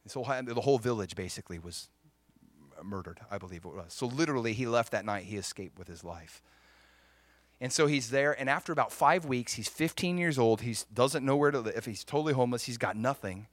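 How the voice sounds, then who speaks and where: A man preaching through a story, animated and acting out the voices of the people in it. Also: medium pitch, a little fast, dry recording. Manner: animated, acts out quoted voices. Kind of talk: sermon storytelling.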